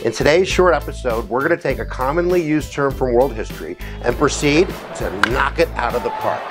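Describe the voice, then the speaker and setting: Lively, jokey male history teacher. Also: mid-range voice, fairly quick, few pauses, over music. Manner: energetic and jokey, with playful asides. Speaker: history educator. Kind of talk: quick educational explainer.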